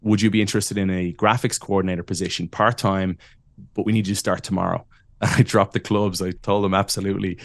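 A man in his thirties with an Irish accent, a podcast guest telling lively, self-deprecating stories and laughing often. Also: deep voice, brisk, vocal fry, no echo. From Ireland. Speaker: podcast guest, wrestling announcer. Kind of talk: casual interview storytelling.

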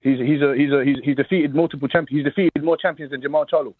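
A man with a South London accent calling in to a boxing talk show, talking fast and insistently and repeating himself. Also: fairly high pitch, steady tone, husky, no room sound. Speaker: caller. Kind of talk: call-in boxing debate. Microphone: phone call. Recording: tinny phone line.

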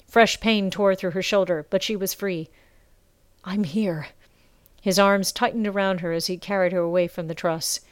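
A woman reading a story aloud in measured, expressive narration. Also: on the low side, clear, resonant tone, no room sound. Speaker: audiobook narrator. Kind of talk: scripted narration.

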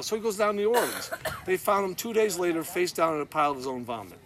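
Profane high-voiced man telling a story. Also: quick pace, noisy background. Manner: profane, laughing, animated storyteller. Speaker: guest storyteller, former club owner. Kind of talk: casual anecdote telling.

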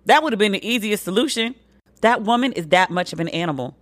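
A woman hosts a solo commentary podcast. She is blunt and profane, and her voice jumps high when she makes a point. The sound is dry and close to the mic. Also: fast, no room sound. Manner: animated, swings pitch high for emphasis. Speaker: podcast host.

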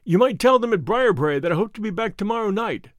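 A man reading aloud, voicing an earnest, courteous young gentleman in a classic detective story. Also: on the high side, sing-song, brisk, no echo, studio quality. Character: young man, unwell, eager, polite gentleman.

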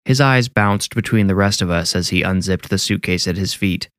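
A young man narrating a horror story in a steady, measured reading. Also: low voice, no echo, clean studio sound.

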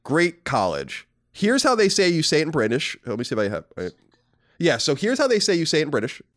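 Lively American man co-hosting a podcast. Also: on the high side, fairly quick. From United States. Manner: animated, mock-indignant and joking. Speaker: podcast co-host. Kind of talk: casual chat reading listener mail.

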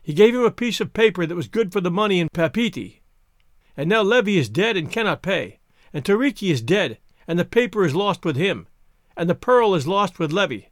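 A man's voice: high-pitched, very animated, brisk, no room sound, clean studio sound. A man voicing a timid island husband who talks in a faltering, nervous way. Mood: weary.

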